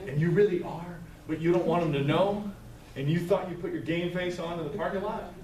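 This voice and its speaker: A man's voice: a little high, a little fast, a little mellow. A man leading a live staff training session, talking conversationally, telling stories and checking in with "right?" as he goes. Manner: conversational, storytelling, tags points with "right?". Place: training room with tables. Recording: echoey room, mic far off, faint noise.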